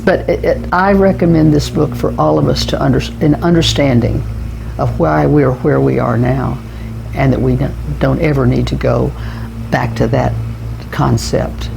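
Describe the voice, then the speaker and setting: A man's voice: mid-range voice, steady tone, normal speed, gravelly, noisy background. A man giving a casual, rambling spoken book review, often restarting and repeating words.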